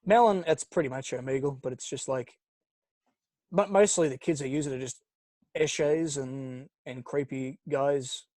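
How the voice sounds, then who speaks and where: A man's voice: medium pitch, moderate pace, mellow, no echo. A young man co-hosting a podcast, telling rambling, sweary stories in casual chat. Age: young adult. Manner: rambling storytelling, lots of fillers and swearing. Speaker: podcast co-host.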